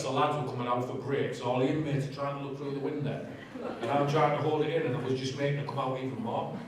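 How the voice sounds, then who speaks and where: A man's voice: mid-range voice, steady tone, fast talker, hardly any pauses, slight background noise. Man telling his story in an echoey church hall. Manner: candid, conversational storytelling with humour. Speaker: guest speaker giving testimony. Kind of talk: personal testimony in a church. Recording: very echoey hall, distant mic.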